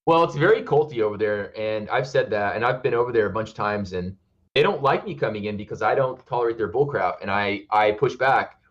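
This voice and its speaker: A man's voice: lowish voice, a little fast, highs cut off. A man in a casual online voice chat, telling stories animatedly and acting out what others said to him. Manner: animated storyteller, acts out others' lines.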